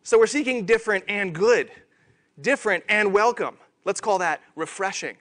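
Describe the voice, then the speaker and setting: A man giving a conference keynote talk on stage, animated and self-deprecating. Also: high-pitched, moderate pace. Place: conference stage before an audience.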